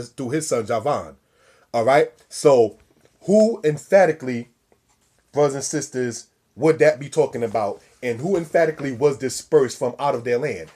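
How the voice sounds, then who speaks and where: A man's voice: medium pitch, a little mellow. A man giving a scripture lesson, preaching style, repeating and stressing key words and calling his listeners brothers and sisters. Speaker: religious teacher.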